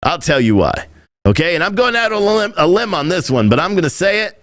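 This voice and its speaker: Animated, rambling male commentator. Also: a little high, quick pace, no echo. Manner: animated, rambling, mimics others in quotes. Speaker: podcast host. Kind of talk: opinionated commentary.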